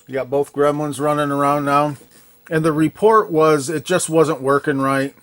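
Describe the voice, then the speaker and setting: A man's voice: on the high side, fairly even intonation, moderate pace, fairly bright tone, no room sound. A man working as an arcade repair technician, walking through a repair in a casual, plain way, thinking aloud and poking fun at himself.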